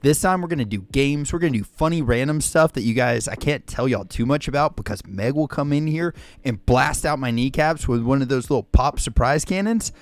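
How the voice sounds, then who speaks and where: A man hosting a livestream in casual chat, excitable and jokey, greeting viewers by name and saying "freaking" constantly. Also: mid-range voice, a little fast, hardly any pauses, no echo. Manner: excitable, says "freaking" constantly, shouts out names; jokey and hyperbolic. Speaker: livestream host.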